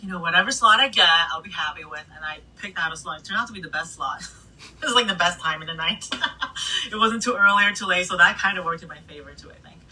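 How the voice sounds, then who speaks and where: A middle-aged woman DJ recounts her stories in an animated, casual way, cursing freely. Her voice is husky and breathy, and she sits a little back from the mic. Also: sits low. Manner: animated, swears freely, laughs between stories. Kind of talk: casual storytelling interview. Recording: voice a bit distant from the mic.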